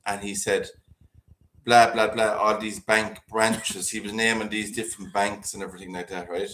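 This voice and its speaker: A man co-hosting a livestream who tells an animated story and acts out both sides of a phone call. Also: lowish voice, normal speed, a little hiss or hum. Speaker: co-host on a livestream. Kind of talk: casual storytelling. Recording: roomy echo.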